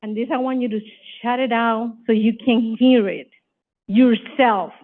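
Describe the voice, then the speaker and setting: High-voiced woman coach, rallying. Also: a little slow. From Puerto Rico. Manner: energetic, rallying, leads call-and-response affirmations. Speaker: motivational coach and chapter leader. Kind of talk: motivational open-mic speech. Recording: tinny phone-like sound.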